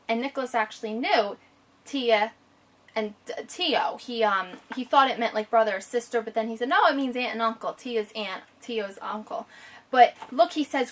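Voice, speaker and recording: A woman teacher reading a picture book aloud to a child and stopping to explain it, slowing down to savor the descriptive lines. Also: a little high, animated, fairly bright tone, recorded from a distance.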